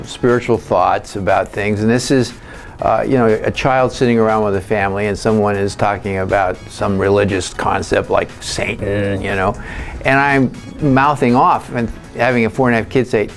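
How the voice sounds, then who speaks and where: A man's voice: lowish voice, steady tone, moderate pace, faint music behind. A man who works as a party psychic, telling stories in a rambling, anecdotal way with lots of fillers. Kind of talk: storytelling interview answers.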